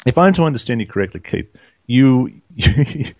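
A man's voice: mid-range voice, very animated, moderate pace, a little mellow, no echo, muffled recording. A man hosting a podcast conversation who interjects often and asks curious questions. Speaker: host.

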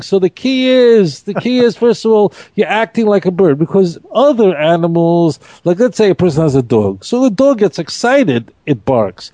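A man leads a Torah study class, emphatic and animated, with rhetorical questions. His pitch swoops up and down a lot, and his tone is mellow and rather high. The sound is dry and close. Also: moderate pace, few pauses, no echo. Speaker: Torah teacher.

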